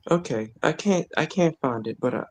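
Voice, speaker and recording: A young man, a guest on a chat show, reading his own poems aloud in a halting way and often repeating his words. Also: a little high, lively intonation. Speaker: guest poet.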